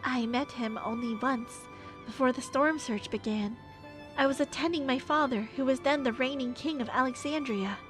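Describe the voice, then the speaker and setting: Girl doing a serious young queen, slow and formal, pretty high voice. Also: over music, close to an everyday voice. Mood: solemn. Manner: measured, formal, solemn. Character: grave, dignified young queen recounting the past. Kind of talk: live voice acting of game dialogue.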